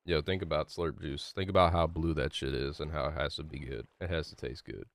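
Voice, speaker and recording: A man's voice: a bass voice, steady tone, brisk. A young man live-streaming a game, chatting loosely with his chat, rambling and swearing casually. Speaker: gaming streamer.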